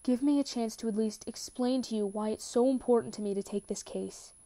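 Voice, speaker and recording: Earnest young man, gentle and sincere, read by a woman, higher-pitched than usual for the part, mellow tone. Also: a little fast, natural voice. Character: young man, tender and determined.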